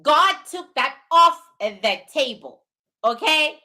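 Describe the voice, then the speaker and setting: A woman's voice: high voice, animated, slow pace, bright, forceful tone, rough recording. A middle-aged woman who gives spiritual readings, talking unscripted to her livestream viewers in a fiery, profane, scolding way. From lives in Canada.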